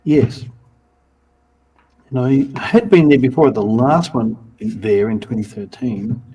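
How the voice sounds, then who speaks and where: A man's voice: mid-range voice, lively intonation, unhurried, mellow, breathy edge, distant mic, poor audio. A man with an Australian accent, co-hosting a casual livestream, chatty and wry, with a few hesitations. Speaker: co-host.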